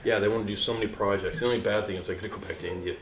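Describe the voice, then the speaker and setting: A man, a trainer, telling rough stories in casual chat, swearing and laughing through them. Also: fairly low pitch, fairly even intonation, racing, echoey room, background noise. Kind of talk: casual storytelling.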